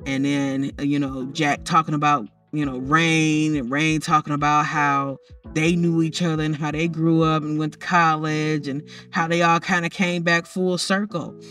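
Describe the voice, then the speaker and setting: A woman talks her way through a game story in a loose, gossipy tone, ribbing the characters as she goes. Her voice sits a little back from the microphone. Soft music plays underneath. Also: sits low, flat delivery, moderate pace, distant mic. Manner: chatty, teasing, talks straight to the characters. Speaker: narrator of a life-simulation story. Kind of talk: casual commentary over gameplay footage.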